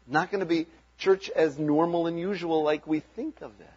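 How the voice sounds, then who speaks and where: A man's voice: a little high, steady tone, normal speed, darkish tone, breathy edge, lo-fi sound. A man preaching a sermon as pastor, talking in an earnest, conversational way and chuckling between points.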